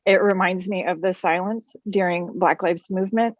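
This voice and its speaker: A woman's voice: on the low side, fairly even intonation, moderate pace, no echo, lo-fi sound. A woman parent speaking at a school board meeting, earnest and a bit hesitant, with frequent ums. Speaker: parent public commenter. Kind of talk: public comment.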